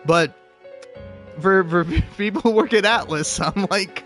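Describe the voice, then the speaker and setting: A man's voice: high voice, measured pace, a bit bright, faint music behind. Rambling man talking over a game. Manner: rambling, lots of restarts and "like". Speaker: let's play streamer. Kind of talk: gameplay commentary and narration.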